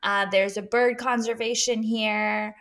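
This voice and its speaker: A woman's voice: a little high, level tone, a little slow, a bit bright. Chatty woman podcast co-host. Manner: chatty storyteller who laughs a lot. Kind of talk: casual chat. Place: dining room at home.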